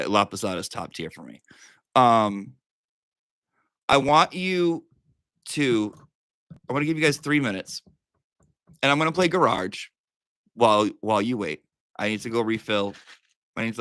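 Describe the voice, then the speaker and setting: A man's voice: fairly low pitch, lively intonation, moderate pace, pauses often, fairly bright tone, dry recording, clean studio sound. A man hosting a livestream, joking around casually and reading out viewer messages with a playful, sweary manner. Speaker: livestream host.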